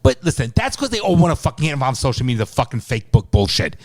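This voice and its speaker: A man's voice: mid-range voice, sing-song, very fast. A middle-aged man co-hosting a casual podcast, ranting and swearing in exasperation. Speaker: podcast co-host, father. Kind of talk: casual chat.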